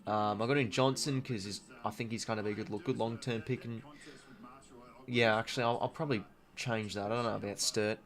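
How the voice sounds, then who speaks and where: A man's voice: lowish voice, steady tone, brisk, fairly bright tone. Chatty young Australian man. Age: 20s. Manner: chatty, reads viewer comments, says "mate" often. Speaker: livestream host. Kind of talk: casual live watch-along chat.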